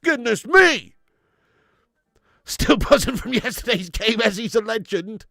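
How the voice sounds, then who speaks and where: A man's voice: high voice, normal speed, gravelly, no echo, clean studio sound. A man hosting a live football watch-along, swearing often and reading out viewer messages. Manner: sweary, animated, reads viewer messages aloud. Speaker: fan channel host.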